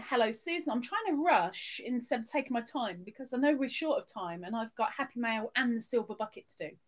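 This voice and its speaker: A woman hosting a live stream, reading out viewers' names and chatting casually, with plenty of giggles. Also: a little high. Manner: bubbly, giggly, reading chat names aloud.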